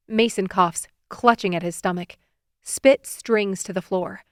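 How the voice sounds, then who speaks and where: Woman narrating an expressive audiobook. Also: mid-range voice, unhurried, no room sound, clean studio sound. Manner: expressive, voices the characters' lines with feeling. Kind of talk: scripted first-person romance narration.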